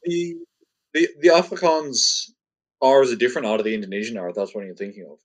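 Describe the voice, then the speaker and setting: A man's voice: medium pitch, a little fast, low-quality recording. A young man, a student guest on a podcast, explaining things carefully in casual talk. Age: young adult.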